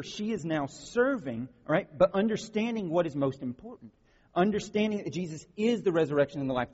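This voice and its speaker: A man with a slightly high, husky voice delivers a sermon. He keeps it conversational and often checks in with his listeners. The sound is dull and lo-fi, with a long reverb trailing off the walls. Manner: conversational preaching with frequent check-ins like "right?" and "okay?". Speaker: pastor.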